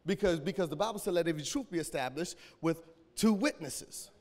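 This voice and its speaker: Male pastor, high voice, AAVE, shouting sermon with a cracking voice, echoing church hall. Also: animated, a little fast. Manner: preaching with call-and-response and sudden shouts.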